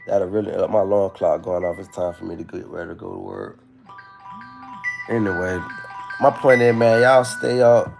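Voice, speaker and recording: A man's voice: low voice, steady tone, moderate pace, gravelly, faint music behind. A young man talking frankly and rambling on a livestream from his phone, swearing freely as he opens up about heartbreak. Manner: rambling, frank, profane, confessional. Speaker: livestream host. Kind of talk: candid livestream talk.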